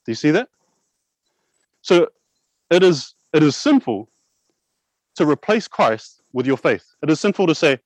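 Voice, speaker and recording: A young man preaches earnestly, his voice sitting a touch high for a man. He fires off rhetorical questions and slows right down to stress his key lines. The sound is close and dry, with no room around it. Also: sing-song, dry recording, poor audio. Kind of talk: sermon with props.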